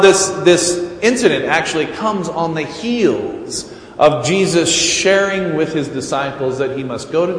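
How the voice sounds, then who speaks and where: A man preaching a sermon as pastor, slow and halting with many fillers and wry asides. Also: medium pitch, a little hiss or hum. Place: church sanctuary. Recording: echoey church hall with faint ambience.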